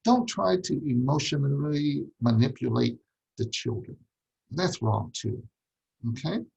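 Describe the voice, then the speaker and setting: A man's voice: mid-range voice, unhurried, gravelly, darkish tone, husky, rough recording. A man teaching a ministry class on parenting, emphatic, repeating key points and asking rhetorical questions.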